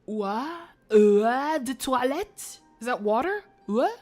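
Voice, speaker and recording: Slow-talking woman streamer thinking aloud. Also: a little high, lively intonation, a little mellow, soft background music. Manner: thinks aloud, swears freely; playful, jokes between puzzles. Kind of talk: let's play commentary.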